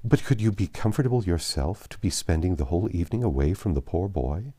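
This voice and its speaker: Reading a classic novel aloud, a man gives voice to a calm, sensible woman who gently reasons with her sister. His voice is low and his delivery fast, with a soothing mood throughout.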